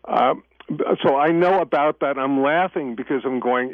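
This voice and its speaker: A man's voice: mid-range voice, unhurried, no room sound. A man who is the guest on a radio talk show, telling stories in a chatty way and laughing easily. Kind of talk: casual radio interview. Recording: tinny phone line, dry.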